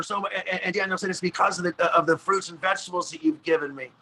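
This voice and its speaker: A man's voice: sits high, fairly even intonation, fast, few pauses, bright, forceful tone, slight background noise, low-quality recording. A man hosting a video call, rambling a little and searching for words as he retells a story. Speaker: host. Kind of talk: casual chat on a video call.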